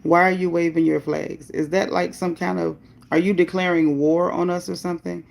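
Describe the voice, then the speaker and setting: A woman hosting a livestream speaks at a normal speed in a low, creaky voice with little pitch movement. She reads viewer comments, greets people by name, and speaks bluntly about her opinions and chat rules, with occasional upbeat bursts.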